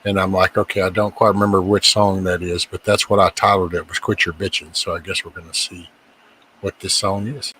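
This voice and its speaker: A relaxed man hosting an easygoing show, chatting loosely and mumbling and humming to himself in the quiet stretches. His voice sits a little low, with a faint hum of noise in the background. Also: brisk, low-quality recording. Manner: laid-back, mutters and hums to himself between songs. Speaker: host. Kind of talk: casual chat.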